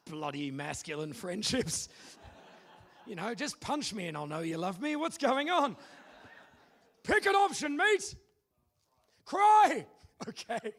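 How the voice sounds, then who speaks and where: Aussie guy running a live comedy game show, high voice bouncing all over, loud and playful with the crowd. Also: big pitch swings, slow pace, pauses often. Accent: Australian. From Australia. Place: live convention stage with audience.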